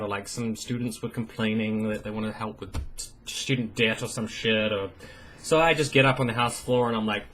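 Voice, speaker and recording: A man's voice: lowish voice, steady tone, normal speed, a bit bright, a little hiss or hum. A man giving a heated, profane political rant, mocking politicians in sarcastic impressions. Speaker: political commentator.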